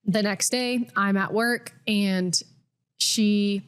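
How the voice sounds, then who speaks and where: A woman's voice: mid-range voice, steady tone, very slow, smooth. A woman in her twenties, a podcast co-host, telling a personal story candidly with lots of "like.". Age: 20s. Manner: candid, filler-heavy with frequent "like".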